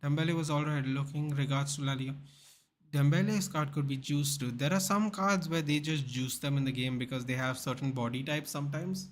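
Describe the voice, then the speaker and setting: Brief: young male streamer, slightly higher voice, loose rambling chat during a live football watchalong. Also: brisk. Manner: rambling, chatty, reads chat and retells clips.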